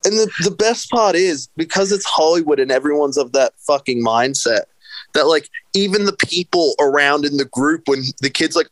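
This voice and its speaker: A man's voice: a little high, normal speed, fairly bright tone, no room sound. A young Australian man with a crude, teasing manner, swearing constantly as a guest in casual podcast chat.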